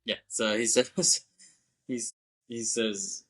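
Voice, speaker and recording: Guy on a movie podcast, lowish voice but bright, chatty recap w quick quotes. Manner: animated retelling with quick character quotes and laughs. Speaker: podcast co-host.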